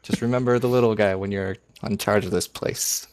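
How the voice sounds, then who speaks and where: A man doing a kindly low-key shopkeeper. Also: steady tone, brisk, no echo, natural voice. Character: friendly male shopkeeper.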